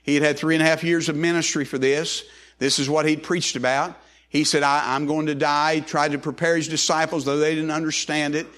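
A male pastor preaches in a relaxed, folksy way, circling back and repeating phrases as he goes. His voice sits a little higher than most men's. He talks like he's chatting with his congregation. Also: a little fast. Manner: folksy, repetitive with frequent restarts. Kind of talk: sermon.

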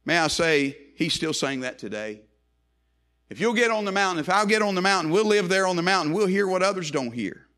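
A man preaching a sermon, swinging from hushed, low lines to ringing, raised ones. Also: lively intonation, fairly quick.

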